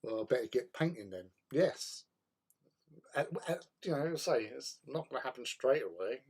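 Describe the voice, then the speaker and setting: A man hosts a laid-back hobby livestream in an easy, conversational voice. His pitch sits in an ordinary middle range for a man. He talks loosely and often repeats words as he gathers his thoughts. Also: moderate pace, breathy edge. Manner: relaxed, chatty, often repeats words while thinking; responds to viewer chat while painting. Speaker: livestream host. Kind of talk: casual hobby livestream chat.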